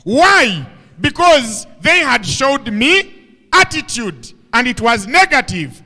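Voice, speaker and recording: A man's voice: very high voice, slow, long reverb tail. A man, giving a comic storytelling talk from a stage microphone. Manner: animated, playful storyteller. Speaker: motivational speaker.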